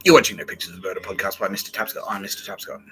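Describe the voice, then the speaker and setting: Male podcast host, lowish and very bright-toned, rambling and profane. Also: rapid-fire, slight background noise, poor audio. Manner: rambling and profane, laughs often. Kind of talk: casual monologue.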